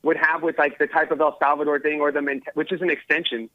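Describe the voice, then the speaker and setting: A male caller from the Los Angeles area who talks in a loose, rambling way and leans on fillers. His fairly high voice comes through a dull, muffled line with a dry sound. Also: level tone, fast talker, no echo. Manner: casual, rambling, full of fillers like "like". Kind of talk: phone-in conversation.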